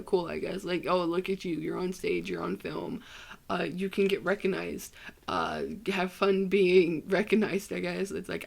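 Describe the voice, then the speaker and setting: Sleepy, gravelly young woman rambling. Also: fairly low pitch. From Ohio. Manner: rambling and self-deprecating, many fillers. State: sleepy and tired. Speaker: podcast host. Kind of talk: casual solo podcast chat.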